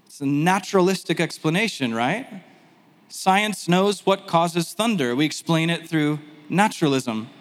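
A man teaching a sermon in a conversational, animated way, with self-deprecating asides. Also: on the high side, unhurried, long reverb tail. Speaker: pastor.

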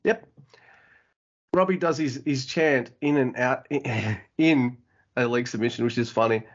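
Man, podcast co-host, casual chat, excitable, swears a lot, muffled lo-fi sound. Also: mid-range voice, measured pace. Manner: excitable, swears often, acts out wrestlers' lines. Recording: dull lo-fi audio.

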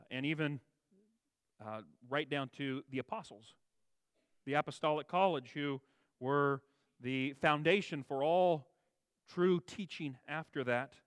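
A man preaching a sermon, stressing key words with a raised voice and dropping to quiet low asides, restating phrases for emphasis. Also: slow pace, pauses often, clean tone, no room sound. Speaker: pastor.

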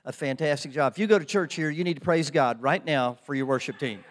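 An older man with an Oklahoma accent preaches from the pulpit, repeating phrases as his fervor builds. His voice sits a little high for a man. A long hall reverb trails each line through the sanctuary. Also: brisk, few pauses, slight background noise. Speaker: pastor. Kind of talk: sermon. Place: church sanctuary.

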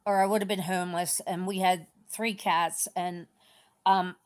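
This middle-aged woman calls in to a faith program and tells a personal story, rambling and meandering in a tender way. Her voice is fairly low, level, clear and resonant, at a moderate pace. It's casual, emotional storytelling.

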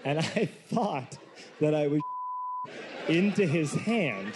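A man doing stand-up comedy, telling a self-mocking story with animated outbursts. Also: on the high side, slow, long pauses. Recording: noisy live recording with room ambience.

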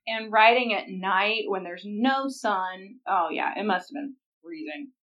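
A woman's voice: mid-range voice, unhurried, recorded from a distance, highs cut off, a crowd in the background. A woman co-hosting a podcast in casual chat, frank and opinionated, laughing as she quotes scenes. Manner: frank, opinionated, blunt wording, laughs while quoting. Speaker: podcast co-host.

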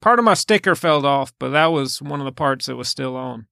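A man making deadpan, goofy asides as co-host of a casual movie-review podcast. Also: mid-range voice, a little fast, gravelly, no echo, clean studio sound.

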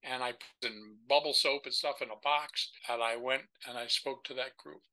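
An older man, a podcast guest, telling stories in a lively way and acting out the people he quotes. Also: mid-range voice, normal speed, low-quality recording. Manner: animated storyteller who acts out the voices of the people he quotes. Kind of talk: storytelling conversation.

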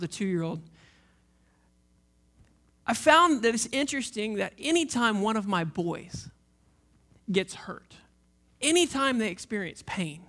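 A man in his thirties preaching a sermon as a pastor, passionate and repetitive, dropping from loud emphasis to hushed near-whispers. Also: very high voice.

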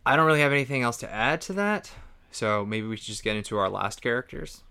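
Chatting casually about films on a podcast he co-hosts, this East Coast man talks quickly with a medium-pitched voice that is both gravelly and smooth. He laughs frequently, stays animated, and acts out lines in a louder voice.

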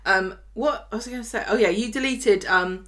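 A woman co-hosting a casual podcast, talking at an ordinary middle pitch. She recaps the week's episodes with sarcastic, rapid-fire asides. Her tone stays chatty and conversational. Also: fairly bright tone. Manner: chatty, sarcastic, mocks characters in quick asides. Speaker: podcast co-host. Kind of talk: casual chat recapping a soap opera.

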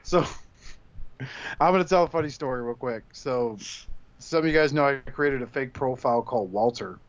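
A man in casual chat who tells joking stories and laughs as he talks. His voice sits at an ordinary middle pitch. The audio is muffled and lo-fi. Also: moderate pace, slight background noise. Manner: jokey storyteller, laughs as he talks. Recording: dull lo-fi recording.

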